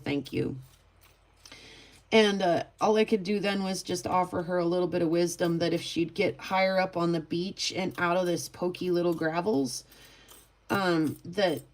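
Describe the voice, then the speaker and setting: A woman vlogger telling a story casually, rambling and chatty with lots of filler words. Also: on the low side. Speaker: vlogger and rockhound.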